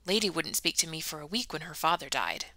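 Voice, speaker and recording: A woman voicing a brisk, brusque older woman who speaks in a matter-of-fact way. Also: deep voice, lively intonation, bright, forceful tone, dry recording, heavily acted.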